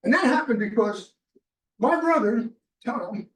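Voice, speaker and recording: A man's voice: very high-pitched, animated, a little slow, slight background noise. A man telling a rambling sports anecdote to a small group at a club meeting, quoting the people in it. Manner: rambling, quotes people in a retold dialogue. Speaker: chapter member telling a story. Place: restaurant meeting room. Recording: roomy, from a distant mic.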